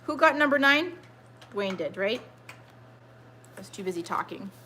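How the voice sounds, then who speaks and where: Woman, thirties, trivia live-stream host at home: bright, talkative, easygoing rambler who reads the chat aloud. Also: mid-range voice, expressive, normal speed, slight background noise. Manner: chatty, rambling, reads viewer comments aloud. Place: home with children nearby.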